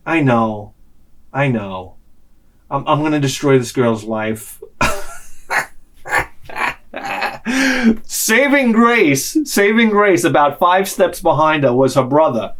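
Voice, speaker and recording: Animated, high-swinging man. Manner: animated, swings loud and quiet, acts out quotes. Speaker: channel host. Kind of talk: casual storytelling vlog.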